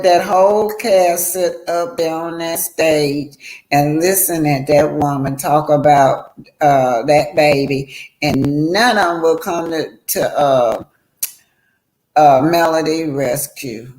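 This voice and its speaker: Slow-talking woman host giving commentary, roomy echo. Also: low-pitched, darkish tone. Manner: emphatic, addresses viewers directly. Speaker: livestream host. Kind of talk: commentary and taking callers.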